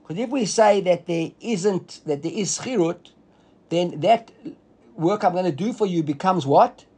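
A man's voice: high-pitched, a little mellow, slightly rough. A man teaching a Talmud class who reads the text aloud, translates it line by line and keeps checking that his listeners follow. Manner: explains quickly, reads the text aloud and translates it, asks students if they follow.

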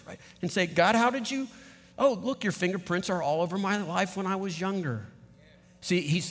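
A middle-aged man preaching a sermon in a conversational, animated way, asking the audience questions. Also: fairly high pitch. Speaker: pastor. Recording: long reverb of a large hall.

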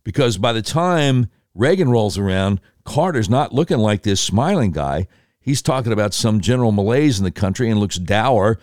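Lively man telling a political story. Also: on the low side, dry recording, clean studio sound. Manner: lively, jumps into quick impressions of voters and politicians.

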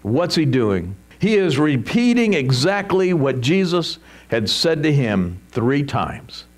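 Emphatic, lively-voiced male preacher. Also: on the high side, slow. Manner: emphatic, animated preaching with rhetorical questions. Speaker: pastor. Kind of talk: sermon.

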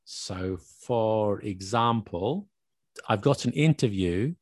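A man's voice: on the low side, measured pace, gravelly, no room sound. A man hosting a casual lesson, explaining slang with worked examples and chuckling now and then.

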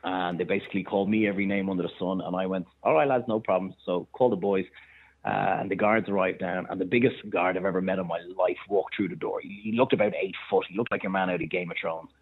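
An Irish man, a chef and restaurateur, telling animated anecdotes in casual chat. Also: low-pitched, breathy edge. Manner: animated anecdotes, quick bursts of laughter. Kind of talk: casual storytelling on a phone-in. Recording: tinny phone line.

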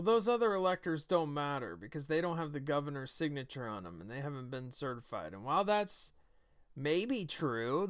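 A man's voice: fairly high pitch, fairly bright tone, smooth, dry recording, studio quality. A man hosting his own podcast, delivering a combative, sarcastic political commentary monologue. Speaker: podcast host.

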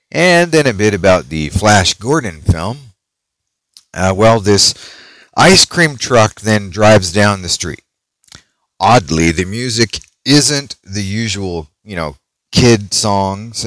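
A man's voice: fairly low pitch, fairly bright tone, no room sound, low-quality recording. A middle-aged man hosting a podcast as a dramatic, showman-like storyteller who chuckles between lines. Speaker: podcast host. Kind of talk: theatrical podcast monologue.

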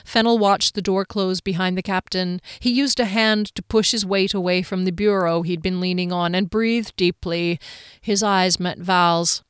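A woman narrating a fantasy novel aloud in a calm, even storytelling manner. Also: moderate pace, clear, resonant tone, dry recording, clean studio sound. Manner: calm, even storytelling that shifts pitch for quoted characters.

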